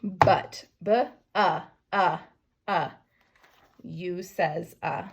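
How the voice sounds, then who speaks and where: Woman, young adult, teacher, phonics lesson for kids, sounds out words letter by letter, slow. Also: on the low side, fairly even intonation, creaky, lo-fi sound, a little hiss or hum.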